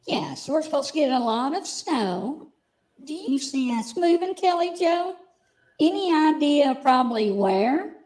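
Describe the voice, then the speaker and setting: A man putting on a woman's voice to ask a psychic a question, in a high, thin mimicking tone. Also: sing-song, a little slow, a little mellow, heavily acted. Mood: curious.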